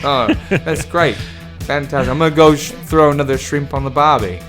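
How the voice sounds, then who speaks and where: A man putting on a playful, loud mock Australian accent as a joke. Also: a little high, normal speed, over music, voice pushed up, close to an everyday voice.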